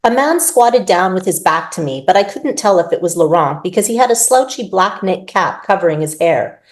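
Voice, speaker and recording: Expressive woman author reading aloud. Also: fairly low pitch, moderate pace. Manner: expressive first-person narration. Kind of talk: reading her own fiction aloud.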